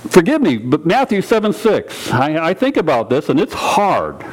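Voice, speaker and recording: A pastor preaching a sermon in a church, earnest and direct, repeating key phrases and putting questions to the congregation. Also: male voice, a little high, very animated, moderate pace, breathy edge, low-quality recording.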